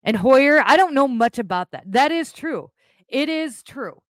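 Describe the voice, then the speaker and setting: A woman hosting a live podcast stream, chatting casually in a blunt, animated way, with rambling asides and swearing. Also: sits high, unhurried, no room sound, clean studio sound. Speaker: podcast host.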